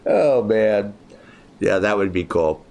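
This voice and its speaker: Dude streaming a game, cussing nonstop and cracking up, voice bouncing all over. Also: male voice, on the low side, expressive, slow pace, gravelly, darkish tone. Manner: profane, joking, laughs often while chatting with viewers. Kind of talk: casual livestream chat.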